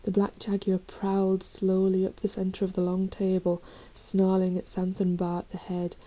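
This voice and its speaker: A woman's voice: medium pitch, monotone, normal speed, poor audio. A woman narrating a children's fantasy storybook in a dramatic reading style. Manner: dramatic reading, raising voice for shouted lines. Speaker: audiobook reader.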